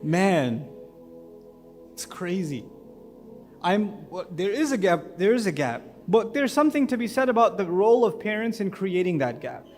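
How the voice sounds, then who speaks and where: Man preacher, high voice, lively and joking with the crowd, echoey hall, faint music. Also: moderate pace. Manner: animated, humorous, conversational preaching. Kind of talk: sermon.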